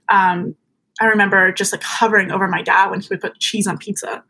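A woman's voice: medium pitch, fairly even intonation, a little fast, sharp tone, rough recording. A young woman as a podcast guest, telling a personal story in an earnest, chatty way, full of fillers.

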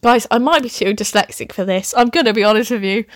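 A young woman reads her old story aloud and keeps stopping to mock it, laughing and swearing as she goes. Her voice sits fairly high, and the recording is close and dry, with no room sound. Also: fast, no room sound. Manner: laughing, sweary, self-mocking asides. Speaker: host reading her own old story. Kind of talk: comic reading with commentary.

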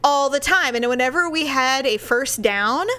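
Woman chatting, animated story, slightly high voice, goes loud and big for impressions. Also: moderate pace. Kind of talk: casual chat.

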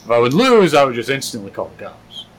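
A man co-hosting a podcast, teasing his friend with deadpan, jokey banter. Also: medium pitch, quick pace, slight background noise, rough recording. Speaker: podcast co-host. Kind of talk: casual chat.

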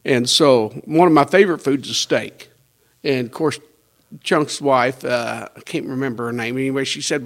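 A man with a mid-range, fairly bright voice speaks at normal speed. He's a pastor sharing his life testimony in a folksy, conversational style, acting out what the people in his story said and chuckling now and then.

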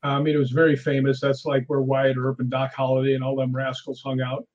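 A man, a guest ghost hunter, telling animated stories in a casual conversation. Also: mid-range voice, brisk, muffled recording. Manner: animated anecdotal storyteller.

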